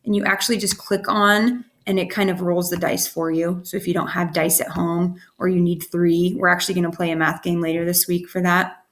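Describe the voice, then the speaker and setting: A woman teacher casually walking parents through how their young children should write sentences, often checking in with "okay?" and slowly sounding out letters. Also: on the low side, level tone. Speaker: kindergarten teacher.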